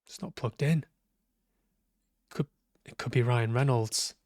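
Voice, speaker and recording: A man's voice: medium pitch, takes it slowly, a little mellow, no echo, clean studio sound. A man streaming a horror game, joking and talking back to its characters, swearing now and then when startled. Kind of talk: live gameplay commentary.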